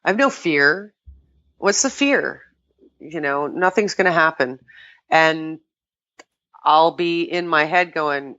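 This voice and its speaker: An older woman, a podcast guest, chatting casually and telling lively stories, often quoting herself and laughing. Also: low voice, slow pace, pauses often, dull audio. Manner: animated storytelling, quotes herself, laughs often. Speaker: podcast guest, kettlebell sport athlete. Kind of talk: casual interview chat.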